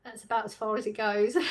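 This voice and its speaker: A woman hosting a casual live stream, reading chat messages aloud, chatting and laughing often. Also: fairly high pitch. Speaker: livestream host reading chat.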